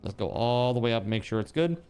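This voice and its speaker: A man's voice: mid-range voice, animated, fast talker, a little mellow, clean tone, faint music behind. A man streaming a building game, chatting casually and answering his chat aloud.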